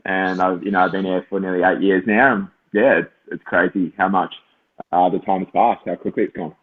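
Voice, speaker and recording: A man's voice: low voice, flat delivery, brisk. A man with a New Zealand accent, a lifeguard guest, chatting in a modest, laid-back way. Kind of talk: casual chat. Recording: tinny phone-like call audio.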